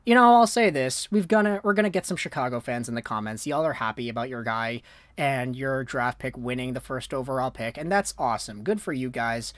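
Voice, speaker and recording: A woman hosting a livestream, giving excitable live reaction commentary and talking to viewers in the chat, swinging from low muttering to shouted disbelief. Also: brisk, no echo. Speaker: livestream host.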